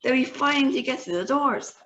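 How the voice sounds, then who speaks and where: A gaggle of eager witches calling out in chorus and fawning over their leader, put on by a woman reading aloud. The voice is high and excitable, full of greedy storybook delight. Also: brisk, lo-fi sound.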